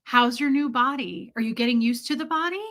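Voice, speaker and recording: A woman's voice: sits high, a bit bright. Woman doing a gushing, sugary grandma. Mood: gushing praise. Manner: slow, syrupy encouragement spoken to a baby. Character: sugary, relentlessly praising grandmother, older woman.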